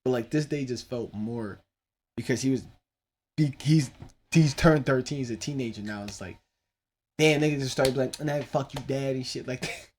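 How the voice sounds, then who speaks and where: A man in his thirties talks alone into his own podcast mic in an easy, meandering way. He curses freely and breaks into laughter between thoughts, restarting sentences as he goes. His voice sits at an ordinary middle pitch for a man. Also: normal speed, darkish tone. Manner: loose, profane, laughing asides. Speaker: podcast host. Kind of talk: casual solo podcast rambling.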